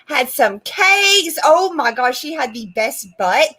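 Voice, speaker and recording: A woman's voice: high voice, big pitch swings, slow, sharp tone. A woman co-hosting a casual podcast over a video call, reading viewer messages in a bubbly way. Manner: bubbly, reads messages aloud. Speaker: podcast co-host. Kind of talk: casual chat.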